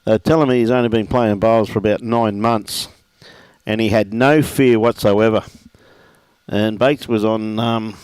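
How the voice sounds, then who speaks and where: Easygoing Australian bloke calling a bowls game, friendly shout-outs, dry close mic. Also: male voice, fairly low pitch, steady tone, a little slow, clear, resonant tone, no echo. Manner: laid-back, chatty, greets viewers by name. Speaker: lawn bowls commentator. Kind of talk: live sports commentary with viewer shout-outs.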